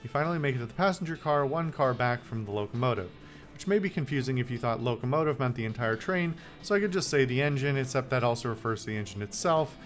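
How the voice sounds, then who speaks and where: A wry man hosts a video game playthrough, reading the game text aloud and adding playful, joking commentary that rambles off on tangents. His voice sits at an ordinary middle pitch, with faint music playing behind him. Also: animated, quick pace. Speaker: let's play host.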